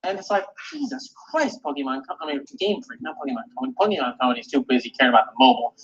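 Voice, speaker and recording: A man ranting about video games in a heated, cursing, animated way, often stumbling over and repeating his words. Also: mid-range voice, very fast, breathy edge. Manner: animated, cursing, repeats himself and mimics others. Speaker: video game commentator. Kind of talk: profane rant. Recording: dull lo-fi audio.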